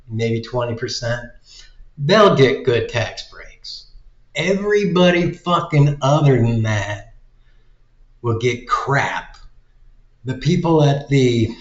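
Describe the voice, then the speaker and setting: A man ranting in slow, drawn-out bursts, sarcastic and exasperated, swearing freely. His voice sits in the middle range. The recording has a roomy echo and a slightly dull, muffled tone. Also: mid-range voice. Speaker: video commentator. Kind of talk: casual ranting commentary.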